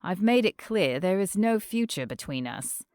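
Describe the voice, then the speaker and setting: A woman voicing a young man in an audiobook, speaking low, quiet and firm. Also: big pitch swings, normal speed, clear, resonant tone, dry recording, clean studio sound, close to an everyday voice. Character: young man, a gentle musician, firm when pushed.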